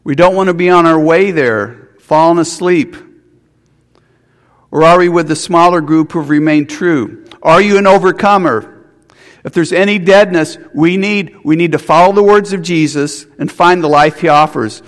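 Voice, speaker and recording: A man's voice: fairly high pitch, normal speed, long reverb tail. A man preaching a sermon, earnest, with restarts and rhetorical questions. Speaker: pastor.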